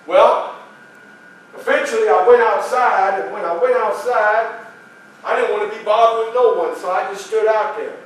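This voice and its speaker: A man performing a first-person living-history monologue as a famous former slave, telling his life story to an audience, with loud excited quotes and quiet, grieving passages. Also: high voice, normal speed, close to an everyday voice. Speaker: historical reenactor. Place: public library hall. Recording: distant voice in an echoey hall.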